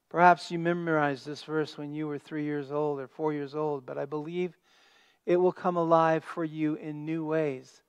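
A man preaching a sermon as pastor, stressing key words and dropping to a hush at the ends of phrases. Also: on the high side, clean tone. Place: church sanctuary.

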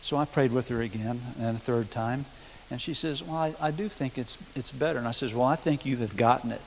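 A middle-aged man, telling his testimony at a church seminar in a folksy, hesitant way, full of pauses and chuckles. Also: medium pitch. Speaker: guest minister sharing testimony. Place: school hall. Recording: long hall reverb, hiss.

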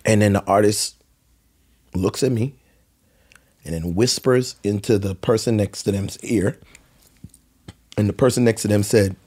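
A man from the Virgin Islands with a Caribbean lilt tells a long story on a studio podcast mic. His voice sits low and husky, and he rambles along in a loose, slangy, laid-back way. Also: a little slow, long pauses, darkish tone. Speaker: podcast guest, songwriter. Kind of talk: animated storytelling.

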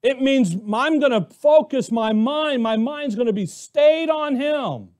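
A man's voice: extremely high pitch, a little slow, a little mellow. A man preaching a sermon as pastor, emphatic, asking rhetorical questions and repeating phrases as he builds his point. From Arizona, US.

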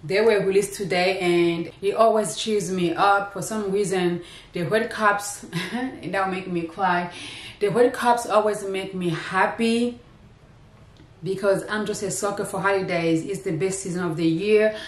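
A woman's voice: medium pitch, steady tone, a little slow. Chatty woman vlogging in an echoey room. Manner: chatty, rambling, talks straight to viewers. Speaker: lifestyle vlogger. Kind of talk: casual vlog chat to camera. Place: indoors at home.

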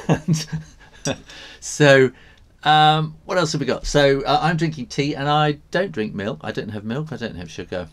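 A man's voice: medium pitch, a little slow. An English man hosting a live drawing stream, chatting casually, reading out viewer comments and laughing often. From England.

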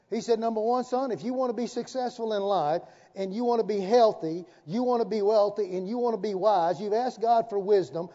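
A man with a very high, mellow voice preaches a sermon with emphatic force, calling out for the congregation to answer back. The recording sounds dull and muffled. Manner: emphatic preaching with call-and-response. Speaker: pastor.

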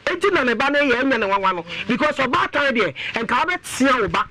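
A man's voice: extremely high pitch, a little fast, dry recording, low-quality recording. A man with a Ghanaian accent, talking animatedly and emphatically as a panelist on a radio talk show. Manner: animated, emphatic, rising into exclamations.

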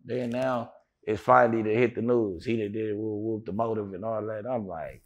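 Gravelly man telling a story. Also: medium pitch, expressive, normal speed, darkish tone. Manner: rambling, many fillers and restarts, acts out others' lines. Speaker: interview guest. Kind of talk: casual storytelling.

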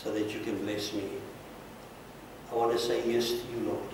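A man's voice: mid-range voice, level tone, moderate pace. A man in the role of pastor leads an altar call, earnest and pleading as he repeats short blessings. His voice is heard from a distance in a very echoey church sanctuary, with faint room noise underneath.

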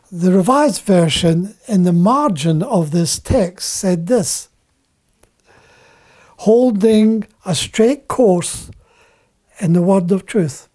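Man preaching a bible lesson real slow, mellow warm voice, keeps repeating the key words. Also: sits high. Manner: deliberate, repeats key phrases for emphasis. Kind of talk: Bible teaching sermon.

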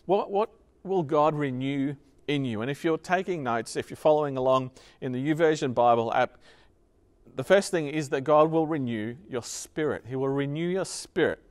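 A man preaching a sermon as pastor, earnestly repeating key phrases and dropping to a soft voice on tender points. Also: a little high, normal speed.

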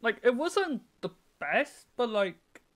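A young man commenting on a horror game as he plays, often shouting, swearing and panicking. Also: very high-pitched, very animated, slow. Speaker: gaming video host.

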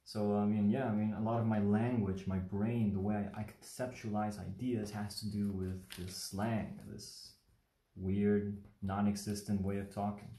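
A man from Mexico talks casually through a paper-folding tutorial on a livestream, chatty and prone to rambling asides. His voice sits low and mellow. The room around his mic is echoey. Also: little pitch movement, a little slow. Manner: rambling, chatty, asks the viewer questions. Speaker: origami instructor. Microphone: livestream phone or webcam mic.

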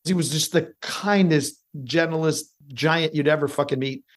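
A middle-aged man from Chicago, an actor guest telling stories in casual podcast chat, lively and swearing freely. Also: a little high, unhurried.

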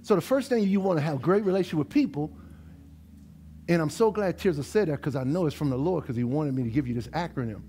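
A middle-aged pastor from New Orleans, USA, preaches a lively sermon to his congregation in a church sanctuary, his New Orleans accent and dialect coming through strongly. His voice is a little high and fast, and he preaches animatedly, speaking straight to the people in the pews.

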